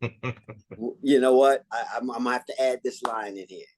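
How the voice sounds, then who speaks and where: An older man from New York talks through his acting career in an easygoing interview. His voice sits in a middle register, and he slips into lively acted-out quotes as he tells the stories. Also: mid-range voice, normal speed. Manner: animated, acts out quotes and catchphrases. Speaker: actor guest. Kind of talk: relaxed interview storytelling.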